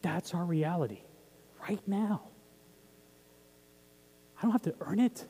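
A man's voice: high voice, slow pace, long pauses, warm tone, slightly rough, in a large hall. A man preaching a sermon as pastor, talking in a conversational way and putting questions to the congregation. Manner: conversational, asks the audience questions.

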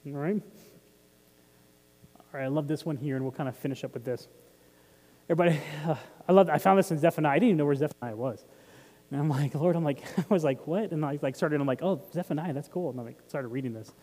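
A man's voice: a little high, fast, long pauses, mellow, long reverb tail. A man preaching a sermon as pastor, talking in a conversational way and putting questions to the congregation. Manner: conversational, asks the audience questions.

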